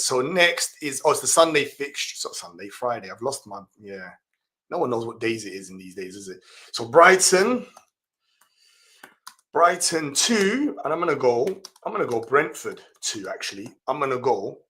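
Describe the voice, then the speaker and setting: A man's voice: mid-range voice, big pitch swings, normal speed. A man hosting a live fantasy football stream, reading out viewer comments and reacting with laughs and exclamations. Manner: chatty, laughs often, reacts loudly to comments.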